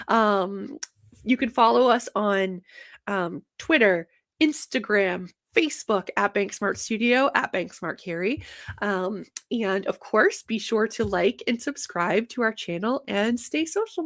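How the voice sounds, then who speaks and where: Energetic young woman host, fast and chatty, slightly high voice. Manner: fast, energetic, lots of fillers. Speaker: host of a banking livestream show. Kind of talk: casual livestream chat.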